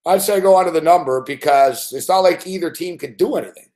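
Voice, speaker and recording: A man's voice: a little high, brisk, a little mellow. A man giving a live sports betting rant, profane and exasperated.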